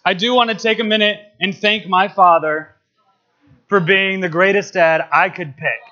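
Young man, high bright voice, playful and emotional church talk, muffled recording. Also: steady tone, moderate pace. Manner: playful, emotional, laughs often. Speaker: guest speaker.

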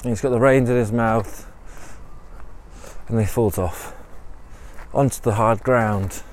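A man's voice: mid-range voice, steady tone, slow pace, darkish tone, a little hiss or hum. A man hosting a podcast, making up a story as he walks along a city canal, rambling with many ums and self-corrections. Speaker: podcast host. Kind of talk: improvised storytelling while walking.

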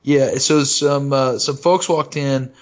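A man's voice: medium pitch, fairly even intonation, measured pace, dull audio. A man co-hosting a podcast, talking in casual, profane banter and laughing often. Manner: profane, laughing, acts out silly voices. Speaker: podcast co-host.

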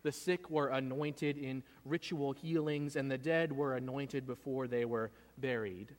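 A man's voice: mid-range voice, fairly even intonation, unhurried, big-room sound. A man preaching a sermon, retelling a story in an earnest way and often repeating words as he goes. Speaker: pastor.

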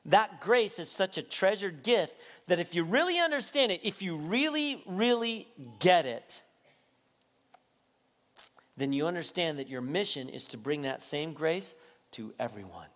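A male pastor preaching a sermon, animated and laughing often, rising to near-shouting at peaks. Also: fairly high pitch, a little slow.

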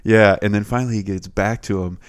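A man with a very deep voice co-hosts a casual chat. He tells stories in a loose, animated, joking way. The sound is dry and close, with no room echo. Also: quick pace, clean tone.

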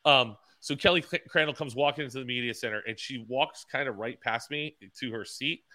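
Bright-voiced man telling rambling stories. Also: medium pitch, a little fast, no echo. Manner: rambling storyteller, acts out quotes with stammers. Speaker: podcast co-host. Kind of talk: casual podcast chat.

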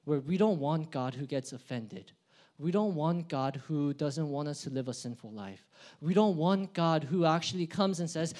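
A young adult man preaching a sermon, swinging between loud, emphatic build-ups and quiet, low asides. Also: lively intonation, normal speed. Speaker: pastor.

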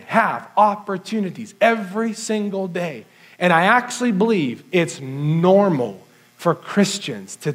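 A pastor giving an earnest sermon, telling a personal story in a conversational way with many fillers. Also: male voice, sits high.

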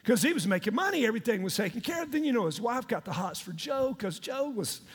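Man, pastor, sermon, joking slangy storytelling, very high voice, long hall reverb. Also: animated, fast talker, husky.

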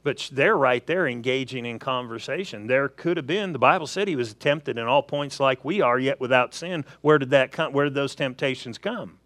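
A man's voice: medium pitch, normal speed, hardly any pauses, dry recording. A man preaching a sermon, telling everyday stories and acting out little asides to make his points. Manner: animated storytelling with acted asides.

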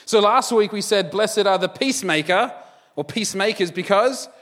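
Aussie guy preaching, chatty and jokey, voice a bit high, big echoey hall. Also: moderate pace, fairly bright tone. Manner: conversational, joking asides with laughs. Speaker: pastor. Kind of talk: sermon.

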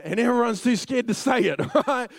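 A young man preaching a sermon as a funny story, lively and laughing often as he tells it. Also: extremely high pitch, moderate pace, gravelly.

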